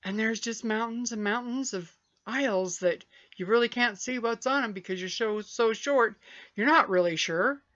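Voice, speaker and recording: A woman telling a story on a vlog in an animated, playful way, stretching out repeated phrases, recorded on a webcam. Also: fairly high pitch, dull audio. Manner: animated, playful, drawn-out repetitions. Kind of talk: casual spoken storytelling.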